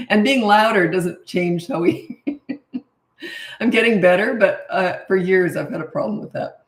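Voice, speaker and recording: A woman's voice: medium pitch, moderate pace. A middle-aged woman coaching parents in a casual live Q&A, blunt and chatty, laughing at herself. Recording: roomy echo.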